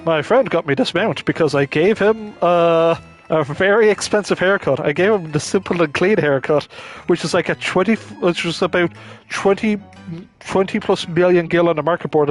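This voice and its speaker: A man's voice: sits high, moderate pace, soft background music. A man streaming a game, chatting loosely about it with lots of fillers. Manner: rambling, filler-heavy chat. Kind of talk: casual gameplay commentary.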